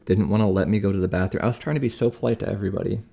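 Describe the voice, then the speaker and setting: A young man tells a story in a casual, exasperated way, acting out what other people said. His voice sits low and has a gravelly edge. The tone is dark and mellow. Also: steady tone, racing. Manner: chatty, exasperated retelling with acted-out quotes. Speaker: vlogger recovering from surgery. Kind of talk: casual storytelling while cooking.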